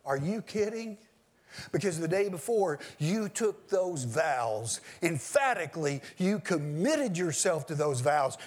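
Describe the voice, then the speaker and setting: A man preaching a sermon, swinging between loud declarations and low, quiet asides, addressing his listeners directly.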